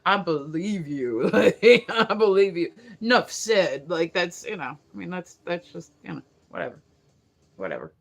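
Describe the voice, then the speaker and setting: A woman's voice: mid-range voice, fairly bright tone. A woman hosting a casual morning livestream, rambling through stories with lots of fillers and laughing at herself. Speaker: livestream host.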